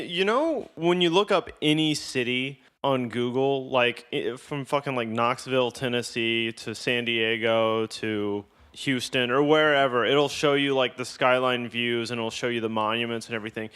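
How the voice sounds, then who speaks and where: A man's voice: medium pitch, measured pace, a bit bright, clear, resonant tone. A man hosting a podcast in casual chat, rambling and wry with a lot of swearing. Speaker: podcast host.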